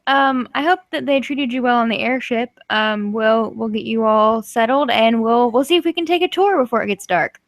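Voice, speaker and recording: A woman's voice: a little high, moderate pace, few pauses, no room sound, lightly acted. A woman voicing a nervous, stammering male park host who welcomes guests. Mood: fretful.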